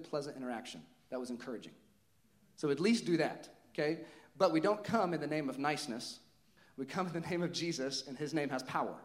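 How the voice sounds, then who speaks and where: A young man preaching a sermon, telling a personal story in a lively way with frequent laughs and casual fillers. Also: a little high. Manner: animated storytelling, laughs often, many "like" fillers.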